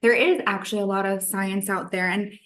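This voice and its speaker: A woman's voice: mid-range voice, fairly even intonation, fairly quick, a bit bright. A woman in her thirties, a nutritionist guest on a podcast, telling her own story in a chatty way and acting out her past thoughts.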